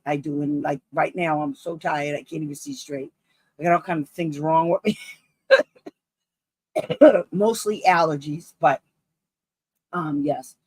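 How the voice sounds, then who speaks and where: Woman advocate, live-stream chat, husky and dry, blunt with frequent laughs. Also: medium pitch, dry recording, low-quality recording. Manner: blunt, emphatic, laughs often. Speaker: special education advocate. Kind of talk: live-streamed casual talk.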